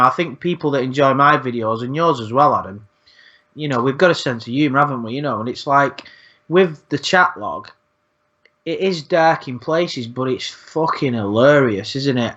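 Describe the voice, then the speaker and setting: A man's voice: medium pitch, moderate pace, fairly bright tone. Rambling man, lo-fi sound. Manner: rambling, frequent swearing, repeats words. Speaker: channel host. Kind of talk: casual podcast chat. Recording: dull lo-fi sound.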